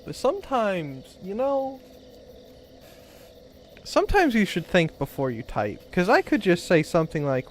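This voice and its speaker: A man's voice: sits high, sing-song, a little slow, long pauses, slight background noise. A man streaming a game, chatting casually with his viewers in a joking, rambling, teasing way. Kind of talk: casual gameplay commentary.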